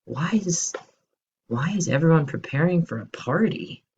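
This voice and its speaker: A man's voice: on the high side, animated, measured pace, gravelly, darkish tone, husky, muffled recording, pitched above the performer's own voice, heavily acted. A man voicing an indignant, complaining older brother. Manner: complaining, exasperated.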